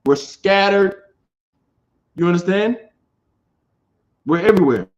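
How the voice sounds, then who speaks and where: A man's voice: high-pitched, takes it slowly, dull audio. Emphatic man teaching a Bible class. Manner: emphatic, repeats phrases, keeps asking "you understand?". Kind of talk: informal scripture teaching.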